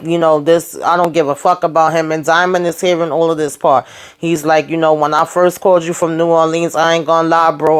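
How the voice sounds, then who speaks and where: Blunt, smooth-voiced woman recapping a show. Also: low voice. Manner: blunt and outspoken, profane, talks straight to viewers. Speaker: TV review host. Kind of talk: casual episode recap.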